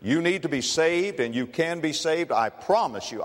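A man preaching a dramatic evangelistic sermon, swinging from shouts to hushed tones. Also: medium pitch, sing-song, a little slow, few pauses, long reverb tail.

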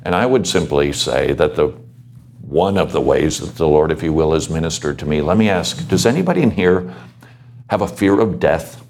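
Super deep voiced guy preaching to students, earnest, faint background hum. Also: expressive, normal speed, darkish tone. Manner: earnest, exhorting, asks the audience questions. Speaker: panel speaker. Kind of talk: pastoral talk to students.

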